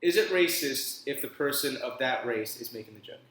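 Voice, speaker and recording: A man's voice: medium pitch, lively intonation, moderate pace, fairly bright tone, a little hiss or hum. A man of about twenty co-hosting a podcast in a giggly, rambling, self-mocking way. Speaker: co-host. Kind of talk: casual podcast chat. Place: college house room. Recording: echoey room, far from the mic.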